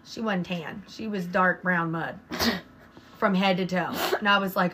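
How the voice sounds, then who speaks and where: A woman's voice: mid-range voice, fairly even intonation, normal speed, bright, forceful tone, a little hiss or hum. A woman, co-hosting a podcast, telling stories bluntly and swearing freely. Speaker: podcast co-host. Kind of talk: casual chat.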